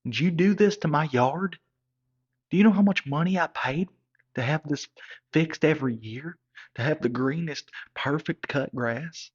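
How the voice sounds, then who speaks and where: A stern, wealthy middle-aged father, as a man puts him on, scolding in a raised, indignant voice. His voice sits a little higher and louder than the teller's own. The sound is slightly dull and lo-fi. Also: a little slow, slightly rough.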